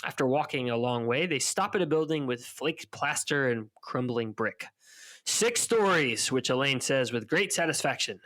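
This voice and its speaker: A man co-hosting a book podcast, casually retelling chapters and voicing characters' lines a bit higher. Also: moderate pace, few pauses, fairly bright tone. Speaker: podcast co-host. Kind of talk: casual book-club recap.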